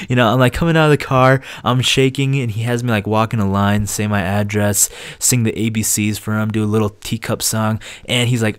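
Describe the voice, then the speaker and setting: A young man hosting a video channel, telling a story in a casual, animated way, laughing often and acting out quoted voices. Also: mid-range voice, quick pace, few pauses, clean tone, no echo. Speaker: gaming channel host.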